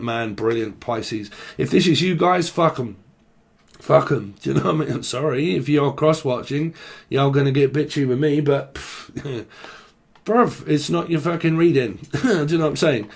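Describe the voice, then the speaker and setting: A young man from Britain, with an accent from around London, rambles through a casual tarot channelling session as a reader, full of slang and swearing. His voice is fairly high with vocal fry, at a normal speed.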